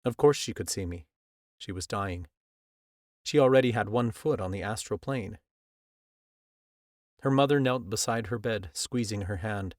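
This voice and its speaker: A man narrating a first-person audiobook in a measured, earnest storytelling manner, close to the mic. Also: fairly low pitch, darkish tone, dry recording. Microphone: close studio mic.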